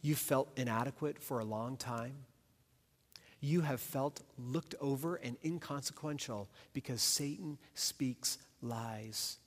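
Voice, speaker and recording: A man's voice: medium pitch, slow pace. Man preaching in a reverberant church. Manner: emphatic, repetitive preaching cadence. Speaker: senior pastor. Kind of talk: sermon. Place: church sanctuary.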